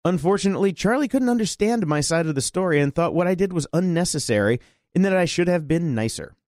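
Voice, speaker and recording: Man, co-host reading listener mail, fairly high voice, very lively pitch, dry close sound. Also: fast, dry recording. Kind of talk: reading listener letters aloud.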